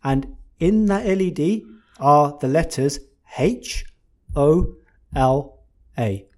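A man chats casually with a friend about cars, and his voice sits a little high for a man. He tells his stories with mock-dramatic build-ups and swears freely along the way. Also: expressive, slow, darkish tone. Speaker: car podcast co-host. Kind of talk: casual chat.

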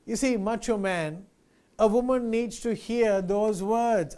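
A man's voice: high-pitched, takes it slowly, mellow, clear, resonant tone. A male pastor preaching a sermon, earnest and emphatic, repeating key phrases and addressing listeners as friends.

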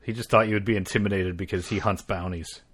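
A man's voice: deep voice, fairly even intonation, fast talker, a bit bright, slightly rough. Wry, offhand man hosting a podcast. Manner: wry storyteller with offhand swearing. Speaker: podcast host. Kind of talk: casual chat.

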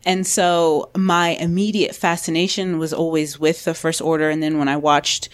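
Low-voiced thoughtful woman. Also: little pitch movement, moderate pace. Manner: thoughtful, hesitant with ums. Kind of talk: casual book-club chat.

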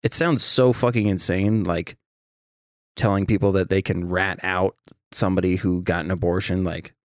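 A man's voice: low voice, moderate pace, no room sound, studio quality. A man hosting a podcast, talking casually and animatedly, with frequent swearing. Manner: profane, animated storytelling. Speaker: podcast host. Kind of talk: casual chat.

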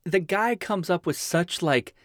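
A man's voice: high voice, measured pace, fairly bright tone, dry recording, studio quality. A man hosting a podcast, chatting casually and enthusiastically and laughing often. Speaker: podcast host. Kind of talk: casual chat.

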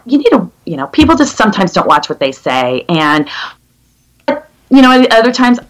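A middle-aged woman, a guest in a conversation, telling stories in an animated, rambling way with many restarts. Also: medium pitch, normal speed, low-quality recording. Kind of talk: conversational storytelling.

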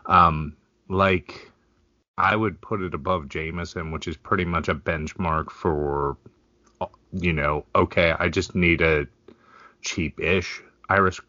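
Deep-voiced man with a bright, forceful tone. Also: fairly even intonation, takes it slowly, dry recording, dull audio. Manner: blunt and swearing. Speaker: podcast co-host. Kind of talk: casual profane chat.

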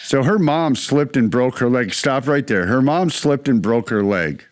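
Animated man telling a story, dry close mic. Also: mid-range voice, unhurried, no room sound. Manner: animated storyteller, laughs often. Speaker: co-host. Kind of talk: casual chat.

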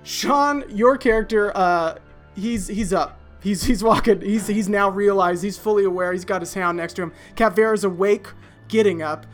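A man runs a tabletop game and narrates in a loose, halting way, full of ums and uhs. Faint music plays underneath. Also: high-pitched. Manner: casual, halting, with frequent fillers. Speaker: game master.

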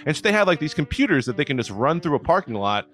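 A man's voice: on the high side, sing-song, fast, fairly bright tone. A man telling a story in casual chat, rambling with lots of fillers and swearing.

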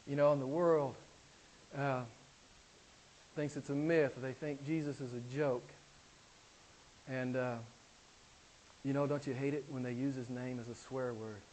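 A man preaching a sermon to a small congregation, swinging between loud, high exclamations and soft, low passages, with repeated phrases and rhetorical questions. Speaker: pastor.

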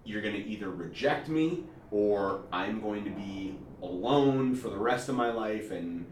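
Low-voiced male host in an echoey room. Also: lively intonation, unhurried. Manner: open, confessional, frequent backchannels. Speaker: podcast host. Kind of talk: casual interview chat. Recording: echoey room, distant mic, faint noise.

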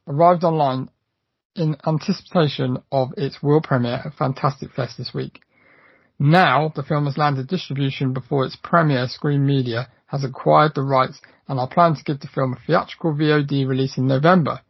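A man co-hosts a horror podcast in loose, eager chat, stumbling through fillers and restarts. His voice has a gravelly, husky edge. It is recorded close and dry on a slightly dull mic. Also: medium pitch, fairly even intonation, moderate pace, dry recording. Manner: enthusiastic, lots of fillers and restarts. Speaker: podcast co-host.

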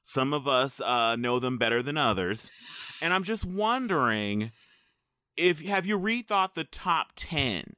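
A man's voice: mid-range voice, very animated, a little slow, pushed and bright, smooth, no room sound, studio quality. A man hosting a comedic interview, asking mock-earnest questions and stumbling over his words playfully. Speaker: host.

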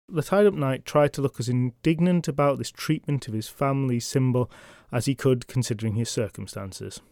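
A man's voice: mid-range voice, normal speed, darkish tone, no echo. A man hosting a folklore podcast, retelling legends in a chatty comic style with wry asides, on a close mic. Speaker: podcast host and storyteller.

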